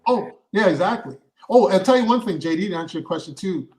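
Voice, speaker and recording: A man's voice: high-pitched, expressive, quick pace, darkish tone, rough recording. A man, an actor and podcast co-host, explaining acting craft in casual chat, often restarting his sentences. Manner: explains at length with many restarts.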